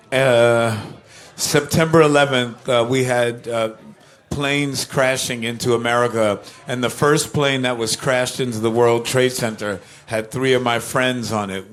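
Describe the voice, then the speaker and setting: An older man, a musician guest in an interview, telling animated anecdotes with laughter and acting out other people's voices. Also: mid-range voice. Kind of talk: casual interview storytelling.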